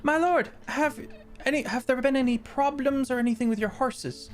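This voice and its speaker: A man doing a fawning portly old halfling. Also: normal speed. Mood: eager. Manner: high, gushing and overly polite. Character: portly older male halfling, fawning and eager.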